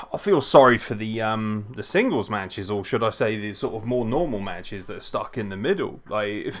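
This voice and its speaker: A young man hosting a live wrestling watchalong, reacting excitedly, swearing often and breaking into laughs and shouts. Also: on the low side, moderate pace.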